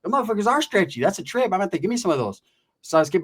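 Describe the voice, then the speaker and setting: A man telling a comic story in an animated, profane, slangy way. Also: sits high, rapid-fire, breathy edge. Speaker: comedian storyteller.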